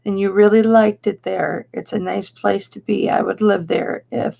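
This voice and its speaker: A woman's voice: mid-range voice, steady tone, normal speed, creaky, lo-fi sound. A woman hosting a casual live stream, chatty and affectionate as she reads out viewer comments. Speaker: live-stream host and reseller.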